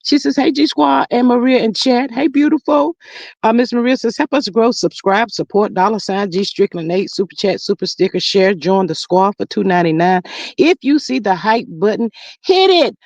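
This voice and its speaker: A woman hosting a casual livestream, greeting viewers and reading their comments aloud in a lively, sassy way. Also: medium pitch, normal speed, no room sound, dull audio. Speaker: livestream host.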